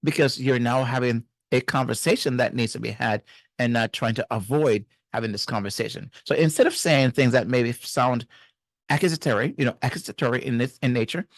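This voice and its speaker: A man's voice: medium pitch, a little fast, dry recording, studio quality. Earnest middle-aged man giving marriage advice. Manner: earnest, teacherly, speaks to the viewer directly. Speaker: marriage and family therapist. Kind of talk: faith-based relationship advice talk.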